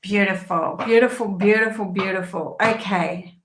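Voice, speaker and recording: A woman's voice: mid-range voice, moderate pace, reverberant, noisy background. A woman giving a live-streamed tarot reading, chatty and emotional, laughing often between many fillers. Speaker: tarot reader and channeler.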